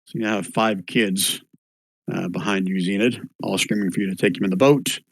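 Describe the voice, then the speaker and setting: A man narrating as game master for an online tabletop game, in a relaxed, low-key way with fillers. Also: fairly quick, creaky, no room sound.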